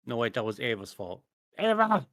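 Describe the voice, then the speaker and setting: Bright-voiced joking podcast guy. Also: medium pitch, animated, normal speed, no echo, clean studio sound. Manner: swearing, laughing, jokey asides. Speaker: podcast co-host. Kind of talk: casual podcast banter.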